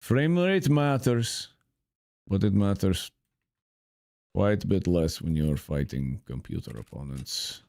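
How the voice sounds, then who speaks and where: A young man with a very low voice gives casual gameplay commentary. He talks slowly, rambling and swearing as he grumbles about his game. The recording is dry and close. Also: expressive, gravelly, darkish tone, no room sound. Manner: rambling, profane, frustrated grumbling. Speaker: gaming channel host.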